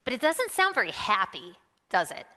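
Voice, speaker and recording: A woman's voice: medium pitch, sing-song, moderate pace, pushed and bright, big-room sound. A woman leading an interactive children's message during a church service, coaxing and encouraging the kids with lots of questions. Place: church sanctuary.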